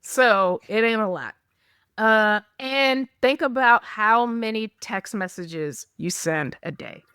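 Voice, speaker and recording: A woman co-hosting a podcast in casual, animated chat, laughing often and acting out the texts she quotes. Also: fairly high pitch, slow, clean tone, no echo, clean studio sound. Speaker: podcast co-host.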